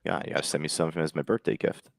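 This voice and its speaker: A man hosting a live day trading show, talking in a relaxed, conversational way with lots of fillers. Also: rumbling low, very fast, gravelly, no echo. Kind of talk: casual live trading chat.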